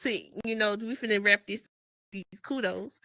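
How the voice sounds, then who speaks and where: A woman's voice: medium pitch, normal speed, bright, forceful tone, dry recording. A woman, co-hosting a podcast in casual chat, heartfelt and laughing often as she thanks her partner. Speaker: podcast co-host.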